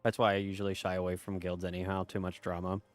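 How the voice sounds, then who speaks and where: A man's voice: low voice, monotone, fast. A man streaming a game, chatting casually and reading chat aloud in a laid-back, profane way.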